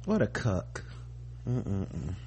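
A man's voice: deep voice, wildly swooping pitch, drawn-out words, warm tone, a little hiss or hum. A man giving casual, profane, sarcastic reaction commentary on a clip he is streaming.

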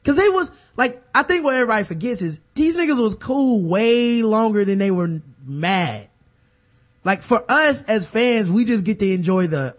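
Animated high-voiced man chatting. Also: normal speed. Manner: animated storytelling, acts out quotes. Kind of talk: casual chat about basketball.

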